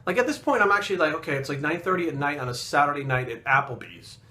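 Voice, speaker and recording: Fast, bright-voiced profane man. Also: on the high side, expressive. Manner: blunt, profane, heated. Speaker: fitness coach and bodybuilder. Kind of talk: casual storytelling to camera.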